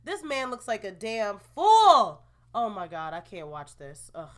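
A young woman hosting a casual solo podcast, opinionated and expressive, groaning in disgust and laughing in disbelief as she reacts to the news. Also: medium pitch, unhurried. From New Jersey, USA. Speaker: podcast host.

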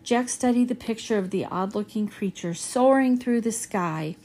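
A woman reading a children's chapter book aloud in a steady storytelling manner. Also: a little high, moderate pace. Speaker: reader.

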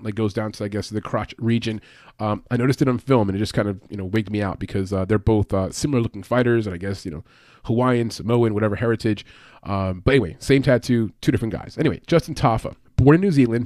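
A man talks quickly and casually as he breaks down fight picks, full of fillers and quick self-corrections. The sound is dry and close, with no room around him. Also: on the low side, a little mellow, no room sound. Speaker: MMA betting podcast host. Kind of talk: casual fight-pick analysis.

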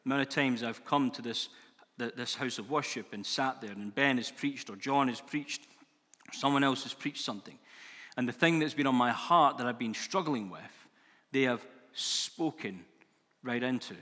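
Male preacher, bright forceful delivery, earnest and emphatic, church hall reverb. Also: medium pitch, moderate pace. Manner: earnest, emphatic, builds in intensity. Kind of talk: sermon.

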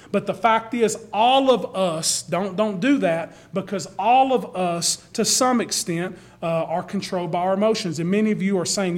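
Man, pastor, sermon, high voice, casual delivery, restarts sentences. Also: normal speed, few pauses. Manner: conversational, repeats words when starting sentences.

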